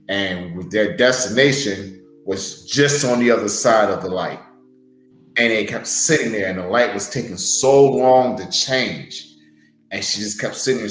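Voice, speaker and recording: A man who co-hosts a podcast and wrestles, giving casual motivational advice in an earnest tone, repeating words for emphasis. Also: on the low side. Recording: roomy echo, faint music.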